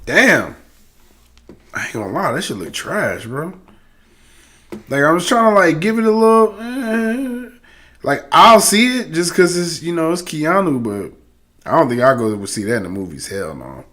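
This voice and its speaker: A man's voice: a little high, sing-song, normal speed, a bit bright. A man casually reacting to online clips in a slangy, amused, laid-back way.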